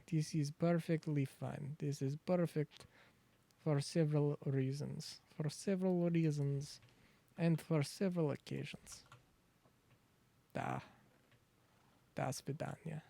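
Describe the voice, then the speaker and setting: A man doing a deliberately bad fake Russian accent as a mock factory boss who drops his articles. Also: fairly high pitch, creaky, dark tone, dry recording.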